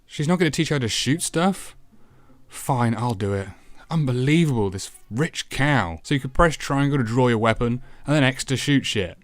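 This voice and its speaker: A man's voice: mid-range voice, expressive, moderate pace, no echo. A man narrating a retro game review in a sarcastic, profane way, swearing often.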